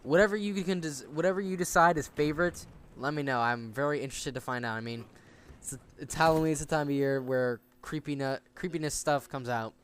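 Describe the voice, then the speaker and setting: Hardly pausing, a fairly quick, high-voiced gaming channel host in his late teens narrates stories during casual gameplay. His talk is a rambling, curse-filled rant with many restarts, and there's slight background noise.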